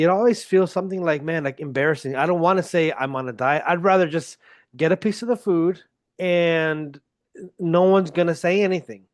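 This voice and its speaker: A man's voice: on the high side, dry recording, clean studio sound. Joking man on a solo podcast. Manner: self-deprecating and joking. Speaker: podcast host. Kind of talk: casual solo podcast monologue.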